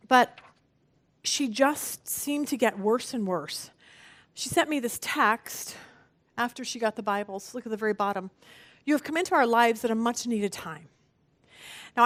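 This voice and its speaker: Middle-aged woman, high voice, Bible study teacher, emotional story. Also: fairly bright tone. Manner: emotional storytelling, voice rising when distressed. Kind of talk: personal story in a Bible lesson.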